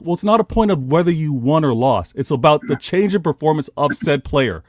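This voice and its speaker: A man's voice: a little high, fast talker, few pauses, a little mellow, no echo, clean studio sound. A man on a football podcast panel, arguing heatedly and pleading for his turn to speak.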